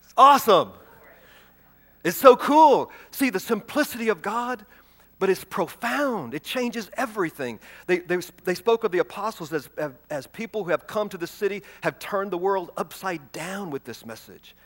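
A man preaching a sermon, reading scripture aloud and stressing key words with repetition, moving between loud proclamation and soft, hushed delivery. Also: sits high, animated, normal speed. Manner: emphatic, repeats key words, swings from loud proclaiming to soft near-whisper.

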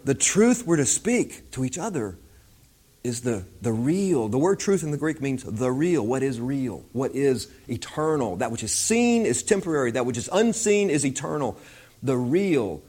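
A man's voice: medium pitch, sing-song, moderate pace, darkish tone, husky. A man preaching an informal Bible teaching in a conversational way, often repeating himself.

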